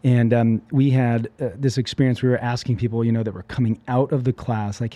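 A man who runs a fitness franchise, telling his story in a casual interview with an animated manner and lots of fillers. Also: medium pitch, fairly quick, few pauses, dry recording.

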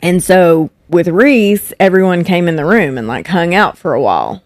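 A woman's voice: lowish voice, normal speed, no room sound, studio quality. A young woman, a podcast guest telling stories in casual chat and acting out what people said. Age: young adult. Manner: animated, acts out quoted voices. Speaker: podcast guest, host's wife.

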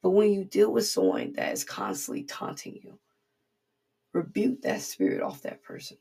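A woman's voice: medium pitch, wildly swooping pitch, moderate pace, vocal fry, warm tone, slightly rough. A woman giving an informal devotional sermon in an earnest, repetitive, conversational way. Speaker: preacher.

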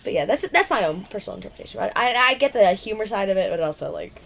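A woman co-hosting a podcast, chatting casually about a movie with quick quips and reactions. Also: medium pitch, lively intonation, vocal fry, fairly bright tone. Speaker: podcast co-host.

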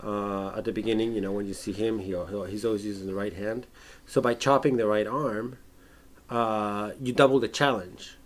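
A man in a casual film discussion podcast, animated, acting out scenes in exaggerated voices and laughing often. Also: on the low side, moderate pace.

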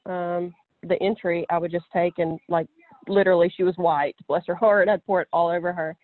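A woman chatting casually over a call, relaxed and quick to laugh. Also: fairly low pitch, no room sound. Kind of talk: casual chat. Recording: tinny phone line, dry.

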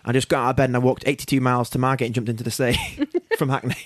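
A man, a guest in a studio, telling stories in a quick, animated way. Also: medium pitch, a crowd in the background. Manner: rapid, animated storytelling with laughs. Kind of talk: casual chat.

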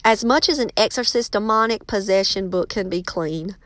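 A woman's voice: mid-range voice, moderate pace, a bit bright, no room sound, clean studio sound. A woman, a teacher and author giving casual, emphatic advice and calling her listeners y'all.

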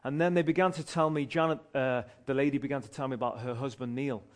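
A man, a street pastor telling a story from the pulpit in an animated way, often restarting his phrases. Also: mid-range voice, fast talker. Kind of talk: sermon testimony storytelling.

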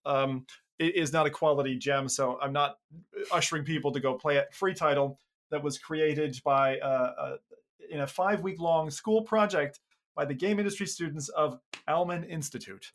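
A man's voice: fairly high pitch, normal speed, a bit bright. A man co-hosting a casual podcast, presenting game releases with a wry, playful manner.

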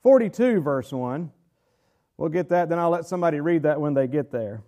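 A high-voiced man leads a Bible study in an earnest, preaching manner, his tone animated and warm. He reads scripture with measured weight and slows down hard to draw out key phrases for emphasis.

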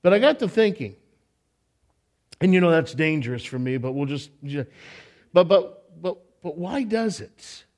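A man preaching to his church congregation in a fairly high voice, taking his time over each phrase. He preaches with animation, stumbling and repeating words as he goes, and breaks off for joking asides to the people in front of him. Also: animated, unhurried, long pauses, darkish tone. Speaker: pastor. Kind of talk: sermon.

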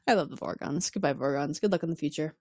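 A woman's voice: low-pitched, darkish tone, no room sound. Woman podcast co-host, casual recap chat, laughs a lot, acts out lines, dry close sound.

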